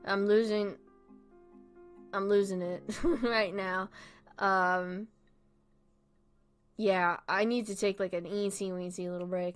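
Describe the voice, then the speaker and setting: A young woman chatting casually about movies on a stream, excitable, laughing often and swearing freely. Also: mid-range voice, takes it slowly, long pauses, smooth, faint music behind.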